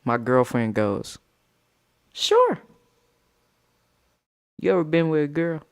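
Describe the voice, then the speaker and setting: A young man casually telling a story, animated and profane, jumping into squeaky high outbursts. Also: fairly quick, smooth.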